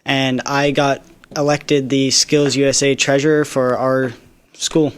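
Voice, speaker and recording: A man's voice: mid-range voice, level tone, unhurried, clear, resonant tone. A teenage boy technical student in a studio interview, plain and matter-of-fact. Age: teens. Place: radio studio.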